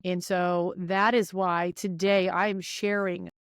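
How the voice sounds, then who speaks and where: A young woman hosting her podcast, giving listeners an energetic, chatty pep talk and speaking right to them. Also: on the low side, slow, few pauses, smooth, no room sound, clean studio sound. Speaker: podcast host. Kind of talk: casual motivational monologue.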